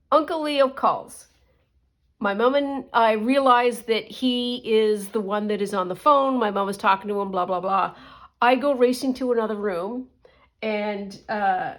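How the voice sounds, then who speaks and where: A middle-aged woman from Canada, chatting casually in a rambling way full of asides while she works on a craft journal. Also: mid-range voice. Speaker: crafting vlogger.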